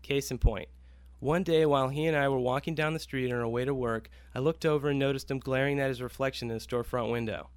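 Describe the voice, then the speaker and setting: A man's voice: mid-range voice, steady tone, fairly quick, clear, resonant tone, dry recording. A man narrating a short story about a workplace friend in an easygoing tone.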